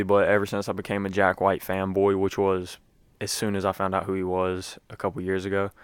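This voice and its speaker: A man with a low, smooth voice hosts a casual sports podcast. He rambles loosely and fills his pauses. The sound is dry and close. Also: dry recording. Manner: rambling, loose, lots of fillers. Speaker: podcast host.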